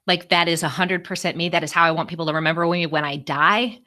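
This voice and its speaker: A woman speaker telling a personal story to a group in an expressive, animated way. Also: lowish voice, fast talker, few pauses. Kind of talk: storytelling talk to a live group.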